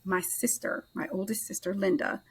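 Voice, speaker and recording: A middle-aged woman, a podcast guest, telling a personal story in an animated way and acting out the dialogue of the people in it. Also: medium pitch, slightly rough. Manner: animated storyteller who acts out others' dialogue in quick back-and-forth. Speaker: podcast guest, author and life transitions coach.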